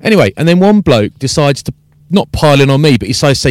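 A man hosting a casual podcast chat, telling an animated story and acting out the exchanges. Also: fairly high pitch, fast talker, hardly any pauses, dry recording. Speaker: podcast host and rugby commentator.

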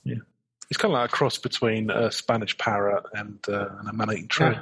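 A man's voice: on the low side, steady tone, fairly quick, fairly bright tone, husky. A man co-hosting a casual comedy podcast, throwing in dry jokes and asides. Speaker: podcast co-host.

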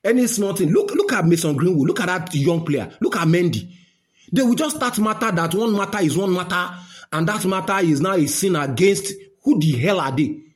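A man's voice: high-pitched, expressive, moderate pace. A man with a Nigerian accent delivering an indignant opinion rant, full of repeated rhetorical questions.

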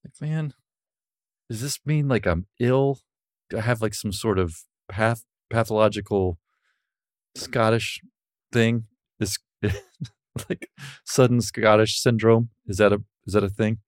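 Deep-voiced Southern man telling stories. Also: takes it slowly, pauses often, no echo, studio quality. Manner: animated storyteller, laughs through his stories. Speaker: podcast guest, author and comedian. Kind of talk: casual podcast chat.

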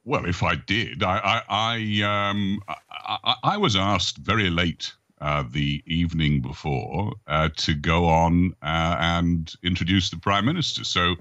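A man with a very low, deep, resonant voice and a bright, forceful edge, answering interview questions formally and courteously. His voice comes through a dry, slightly dull remote line. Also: unhurried, hardly any pauses, no room sound. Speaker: guest, former Attorney General.

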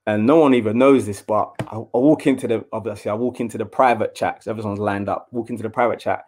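A man's voice: fairly low pitch, fast. A young adult man, telling a casual story in an interview and acting out what others said. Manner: animated storyteller, acts out quotes in a raised voice. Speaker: former footballer, guest.

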